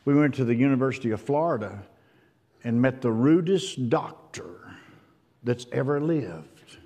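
An older man preaching with a folksy storytelling manner, his voice rising loud, then dropping hushed. His mid-range voice rings out with a long reverb, as in a church hall. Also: mid-range voice, lively intonation, unhurried. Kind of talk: sermon.

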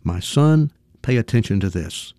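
A man playing a wise father, gentle, measured, mellow tone, dry sound. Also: lowish voice, animated, no echo. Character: calm wise father teaching his son.

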